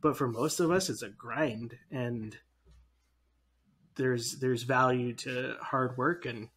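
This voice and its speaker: Husky-voiced earnest male co-host. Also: mid-range voice, steady tone, slow pace, fairly bright tone. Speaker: podcast co-host. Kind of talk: casual chat.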